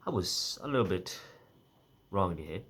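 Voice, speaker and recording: A man's voice: low-pitched, lively intonation, normal speed, fairly bright tone, slightly rough. A young man in a casual personal monologue, rambling and correcting himself as he half-jokes through his thoughts. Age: young adult. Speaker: vlogger.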